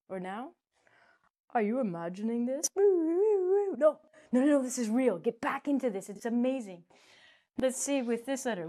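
A woman gives a slow, playful English pronunciation lesson. She stretches her words and breaks into sudden high squeals as she explains. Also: a little mellow. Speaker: English teacher.

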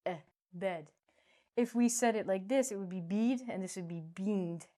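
A woman teaching an English pronunciation lesson in a playful, chatty way, now loud, now soft. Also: mid-range voice. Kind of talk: casual spoken lesson.

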